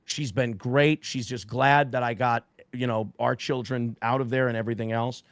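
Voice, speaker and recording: Gravelly, profane man telling a story. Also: medium pitch, steady tone, moderate pace, dry recording. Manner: heavy swearing, acts out quotes with shifting voices. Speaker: podcast guest. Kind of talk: casual storytelling.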